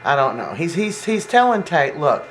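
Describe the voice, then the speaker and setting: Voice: mid-range voice, big pitch swings, normal speed, a little hiss or hum, low-quality recording. A soap opera fan giving a casual, rambling episode recap, full of fillers and restarts. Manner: rambling, acts out quoted lines, many fillers.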